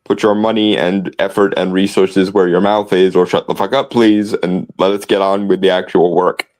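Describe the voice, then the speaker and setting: Low-voiced sardonic male commentator. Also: flat delivery, normal speed, darkish tone, poor audio. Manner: sardonic, wordy, restarting phrases. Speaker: podcast co-host. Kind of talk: casual commentary.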